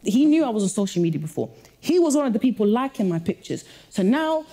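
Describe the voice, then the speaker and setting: A woman guest makes her case firmly in a couple's dispute. Her voice is mellow and dark-toned, and she lays out her points one by one in a defensive way. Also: on the high side, sing-song, quick pace. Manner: firm, defensive, argues point by point. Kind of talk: casual debate.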